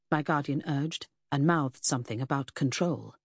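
A woman reading an audiobook as narrator in a measured, even way. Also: low voice, husky, no room sound, clean studio sound. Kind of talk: scripted narration.

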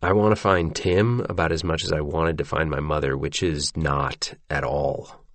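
Deep-voiced man narrating a story. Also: fairly even intonation, normal speed, hardly any pauses, no room sound. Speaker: audiobook narrator. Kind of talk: scripted first-person narration.

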